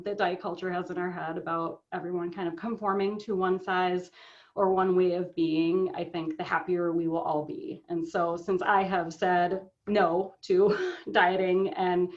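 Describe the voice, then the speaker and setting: A woman's voice: on the low side, steady tone, measured pace, muffled recording. A middle-aged woman speaking as an interview guest, earnest and conversational, often checking in with "right?" and filler ums. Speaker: guest, author and business owner.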